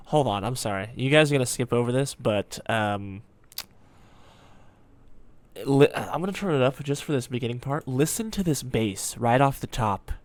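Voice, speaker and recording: A man chatting casually as he reacts to a video, thinking out loud with plenty of ums and half-finished thoughts. His voice sits at an ordinary middle pitch. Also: normal speed, noisy background. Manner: rambling, musing aloud with frequent ums.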